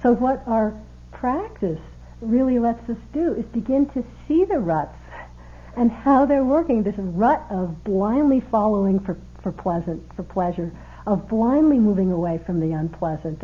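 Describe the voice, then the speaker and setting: Woman meditation teacher talking at a retreat, chatty and storytelling, middle pitch, thin phone-like sound. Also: a little slow. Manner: conversational storytelling with gentle emphasis. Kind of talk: dharma talk. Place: meditation hall. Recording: tinny phone-like retreat talk recording.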